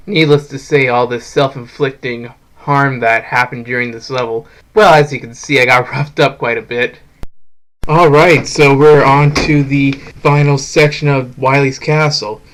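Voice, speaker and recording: A man's voice: mid-range voice, steady tone, unhurried, a bit bright, a little hiss or hum, poor audio. Casual man narrating gameplay. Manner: casual, frank, swears when frustrated. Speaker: game reviewer host. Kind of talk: voice-over gameplay commentary.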